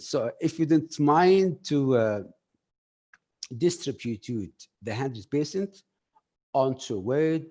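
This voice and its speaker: A man giving a workshop lecture on communication skills, pausing often with fillers and putting questions straight to his audience. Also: a little high, darkish tone. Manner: halting, filler-heavy, addresses audience directly.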